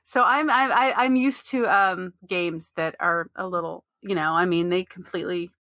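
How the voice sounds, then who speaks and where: Woman co-host for a gaming podcast, chatty and rambling, bright tone, dry close sound. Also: on the low side, fairly even intonation, moderate pace, dry recording. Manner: chatty, rambling with many fillers and restarts; reads out listener chat messages. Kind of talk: casual chat about an online game.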